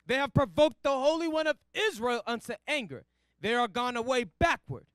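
A man with a very high voice reads scripture aloud. His reading is measured and deliberate, and his pitch moves a lot. The sound is dry. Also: animated, fairly bright tone, smooth, no echo. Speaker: scripture reader.

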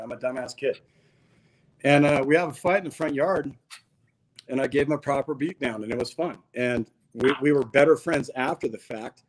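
A man's voice: mid-range voice, rough recording. A man as a podcast guest, telling a long story in a casual, slangy, laid-back way. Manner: laid-back, slangy, peppers talk with "dude".

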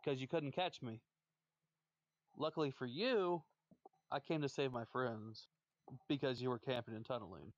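A man's voice: medium pitch, moderate pace, pauses often, no echo. Scornful man with dull, dry audio. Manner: scornful, taunting, repeats his insults. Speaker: gamer on a stream voice chat. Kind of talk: trash talk between matches.

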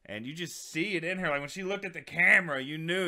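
A man's voice: a little high, fast talker, few pauses, bright, forceful tone. An American man hosting a music reaction channel, chatting casually with lots of fillers and repeated words. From United States.

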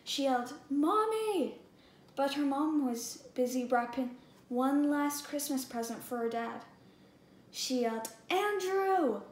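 A woman reading a picture book aloud in an expressive, deliberate way. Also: high voice. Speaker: storybook reader. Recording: echoey room, faint background hum.

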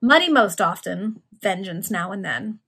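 A gruff, growling body-snatcher villain, menacing and blunt, as a woman reads him aloud for friends. The voice has a husky, breathy edge. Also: mid-range voice, lively intonation, a little slow, sharp tone, exaggerated voice. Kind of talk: informal read-aloud among friends.

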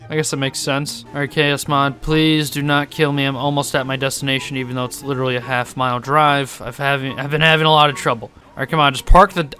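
A young man giving let's-play commentary on a chaotic game, excitable and laughing often with sudden high yelps. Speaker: gaming YouTuber.

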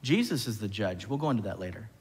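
Animated male pastor preaching in a reverberant church. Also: on the low side, quick pace, breathy edge. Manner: animated, asks the congregation questions. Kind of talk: sermon. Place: church sanctuary.

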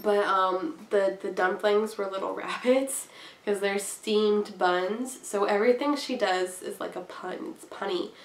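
A woman's voice: mid-range voice, steady tone, a little slow, roomy sound. A young woman with a cold chatting casually through a craft haul, bubbly and rambling, giggling often. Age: young adult. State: has a cold, coughing. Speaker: craft vlogger.

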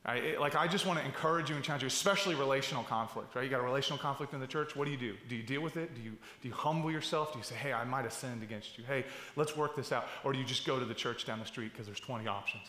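A man's voice: medium pitch, very fast, hardly any pauses, pushed and bright. A middle-aged man, a pastor, preaching a sermon in a conversational way, with restarts, asides and rhetorical questions. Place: large church hall. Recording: echoey church hall.

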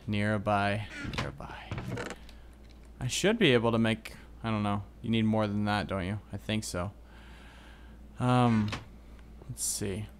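A man commentating his own game as he plays, excitable and groaning at setbacks. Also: on the low side, a little hiss or hum. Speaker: gaming video host. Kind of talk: Minecraft let's play commentary.

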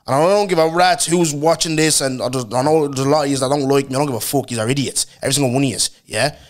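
A man's voice: mid-range voice, fast talker. A man hosting a podcast, who chats casually with his guest and often calls him "bro". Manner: chatty, says "bro" often. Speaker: podcast host.

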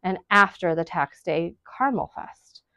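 A woman's voice: lowish voice, lively intonation, normal speed, pushed and bright, no echo. A woman voicing an eager young boy in a read-aloud storybook, chatting and explaining. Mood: chatty.

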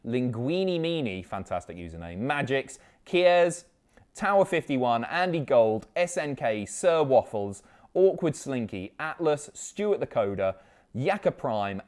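A man's voice: mid-range voice, a little mellow, clean tone. A man hosting a casual reaction stream, chatty and sweary as he reads out viewer names.

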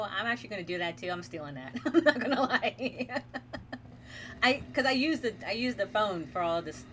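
A woman's voice: medium pitch, fairly bright tone, a little hiss or hum. A woman streamer giving casual commentary over a horror game, chatting to her viewers, laughing often and nervously talking herself through it. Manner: chatty, talks to chat while playing, laughs often; nervous self-reassurance while playing a horror game.

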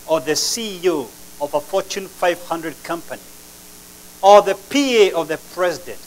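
A man preaching a sermon as pastor, asking the congregation rhetorical questions and using dramatic pauses and sharp swings between loud and soft. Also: a little high.

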